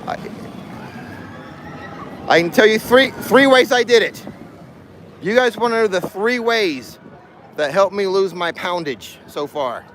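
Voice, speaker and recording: A man's voice: sits high, animated, a little slow, long pauses, a bit bright, a little hiss or hum. A man hosting a casual livestream while walking through a theme park, joking and laughing at his own jokes. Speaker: livestream host. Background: music and crowd in the background.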